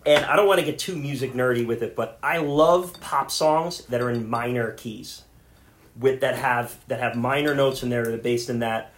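A man co-hosting a casual movie podcast, talking animatedly and jumping into loud mimicking voices. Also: mid-range voice, normal speed. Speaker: podcast co-host. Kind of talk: casual chat.

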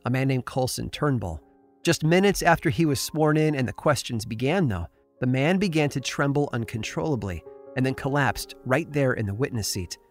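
A man narrates a dark historical tale in a measured, unhurried storytelling voice, pausing for effect. His pitch sits in an ordinary middle range, and soft music plays faintly behind him. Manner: measured, storytelling delivery with dramatic pauses. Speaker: podcast host and narrator. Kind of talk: scripted narration.

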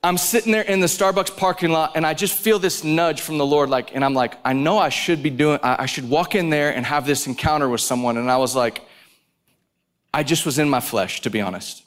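Man, preacher, intense storytelling sermon, slightly high voice, live conference. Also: a little fast.

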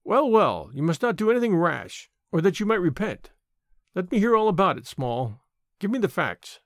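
Casting: a man as a calculating army major, cool and clipped, bright high voice. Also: big pitch swings, moderate pace, no echo, clean studio sound. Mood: guarded. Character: scheming army major, greedy and guarded. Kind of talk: audiobook character reading.

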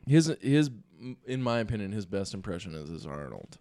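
A man co-hosting a comedy podcast in loose, joking chat. His voice is lively and swings widely in pitch. He often trails off mid-thought. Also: moderate pace. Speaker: podcast co-host.

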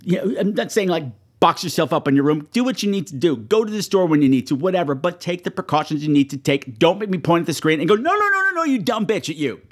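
A man's voice: on the high side, quick pace, hardly any pauses, breathy edge. A man hosting a horror movie show, talking casually and profanely to his viewers and shrieking in mock panic.

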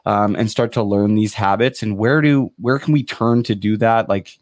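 A man's voice: on the low side, fairly even intonation, normal speed, no echo, studio quality. A young man hosting a podcast interview, asking long questions in a rambling way, full of restarts and fillers. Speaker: podcast host. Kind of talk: casual interview chat.

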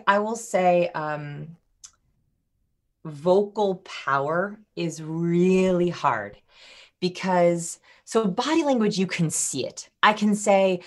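A woman's voice: fairly low pitch, unhurried. A woman guest on a podcast, explaining body language and acting out different vocal tones. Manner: animated, demonstrates vocal tones. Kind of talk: podcast interview.

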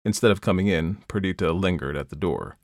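A man narrating a classic story in a measured, even storytelling manner. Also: sits low, gravelly, no room sound, clean studio sound. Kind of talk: audiobook reading of classic fiction.

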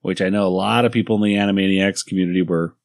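Male podcast host, lowish voice, relaxed chatty delivery, quick to laugh. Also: gravelly. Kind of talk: casual podcast chat.

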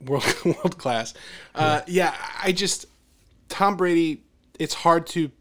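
A man's voice: on the high side, slow, background noise. Male podcast host, casual and rambling, talking sports. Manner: rambling, trails off and restarts. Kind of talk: casual chat.

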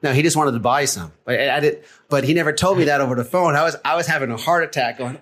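A man's voice: on the high side, quick pace, hardly any pauses, a bit bright. A man in casual chat on a podcast, retelling conversations and quoting the people in them. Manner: chatty, retells conversations with quoted voices. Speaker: podcast guest.

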